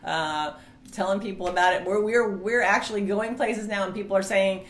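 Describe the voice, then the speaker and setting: A middle-aged woman, chatting casually as co-host of a marriage ministry video and telling stories with lively quoted voices. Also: mid-range voice, brisk. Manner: chatty storyteller, animated quoting voices. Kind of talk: casual chat. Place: home studio room. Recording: roomy echo, faint hiss.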